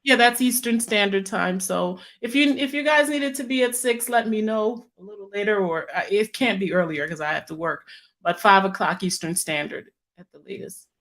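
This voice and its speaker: Woman, live stream host, teary, effusive, repeats herself, mid pitch. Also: normal speed, fairly bright tone. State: teary from crying. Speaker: channel host.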